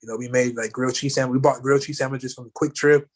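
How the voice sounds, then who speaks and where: A man in a casual talk, recounting a story at an easy, middle-pitched level and wandering through it with many "you know" and "like" fillers. His delivery is loose and conversational. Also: steady tone, racing. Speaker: guest.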